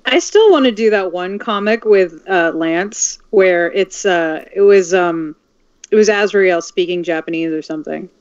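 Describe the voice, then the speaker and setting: A woman's voice: lowish voice, measured pace, clear, resonant tone. A woman voice actor chatting casually on a livestream, telling stories with frequent giggles. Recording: dull lo-fi sound.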